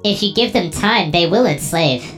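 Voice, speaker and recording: Guy doing a squeaky little buzz droid, cold and literal, music faint behind. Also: animated, moderate pace, a bit bright. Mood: flat. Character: small flat-voiced floating buzz droid.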